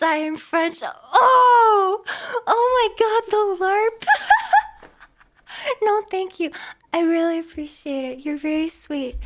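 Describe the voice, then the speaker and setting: A young woman streamer chatting casually with her viewers, giggly and animated, with lots of quick restarts. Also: very high-pitched. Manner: giggly, animated, talks fast with many restarts. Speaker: live streamer.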